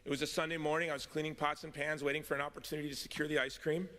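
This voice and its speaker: A man's voice: a little high, flat delivery, rapid-fire, a bit bright, a little hiss or hum. Middle-aged man telling a story in a hall. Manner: storytelling, wry then earnest. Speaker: convention speaker. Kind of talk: personal testimony speech. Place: large hall. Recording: long hall reverb.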